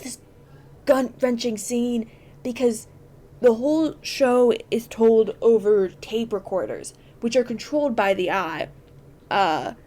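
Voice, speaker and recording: A woman hosting a podcast, chatting casually and explaining at length with enthusiasm and plenty of fillers. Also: medium pitch. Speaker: podcast host.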